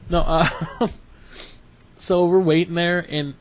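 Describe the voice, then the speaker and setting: Speaking slowly in a fairly high, steady voice, a male podcast co-host chats casually. He rambles through stories and acts out the quotes within them.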